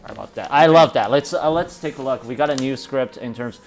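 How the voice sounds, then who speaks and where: A man's voice: medium pitch, a little fast. A man hosting a casual chat and table read, easygoing and agreeable, with lots of fillers. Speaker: podcast host reading scripts.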